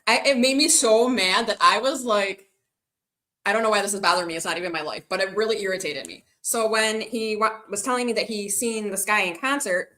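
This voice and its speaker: Woman streamer, middle pitch, bright and forceful tone, rambling casual chat with her viewers. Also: a little fast. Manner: chatty, rambling, reads out and answers viewer comments. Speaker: livestreaming vlogger.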